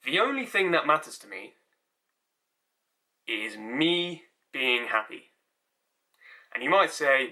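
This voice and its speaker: Male comic monologuist, sardonic and rambling, very bright timbre. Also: medium pitch, sing-song, slow pace, pauses often. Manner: rambling, sardonic, repeats himself. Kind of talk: stand-up style monologue.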